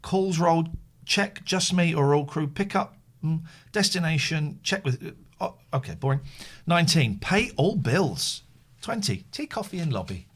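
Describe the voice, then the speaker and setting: Male host, animated pitch, jokey list reading on a live stream. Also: moderate pace. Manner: lively, jokey, reads a list aloud with asides. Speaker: podcast host. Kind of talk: casual live-stream chat, reading aloud.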